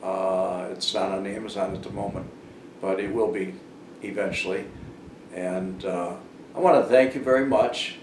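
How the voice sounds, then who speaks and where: A man's voice: low voice, steady tone, moderate pace. An older man telling a rambling personal story in a casual monologue, full of fillers and restarts. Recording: roomy and noisy, far from the mic.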